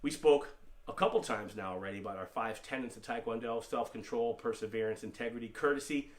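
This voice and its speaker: A man's voice: mid-range voice, fairly quick. A middle-aged man teaching an online taekwondo class, encouraging and patient, and repeating terms for his students to say back. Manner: encouraging, coaching, repeats terms for learners to echo. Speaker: taekwondo instructor.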